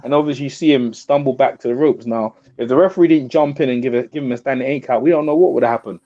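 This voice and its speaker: A man calling in to a boxing talk show, talking fast, repeating himself and pressing his point. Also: medium pitch, dark tone. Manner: rapid, repeats himself, talks over others. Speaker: guest on a boxing call-in show. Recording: muffled lo-fi call audio.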